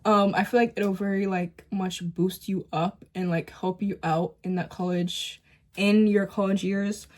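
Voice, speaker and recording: A teenage girl talks to her phone camera while doing her makeup, chatty and rambling. Her pitch sits in an ordinary middle range. She fills pauses with "like" and "um". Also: fairly even intonation, darkish tone. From Boston area, US. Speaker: beauty vlogger. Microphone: phone camera at close range.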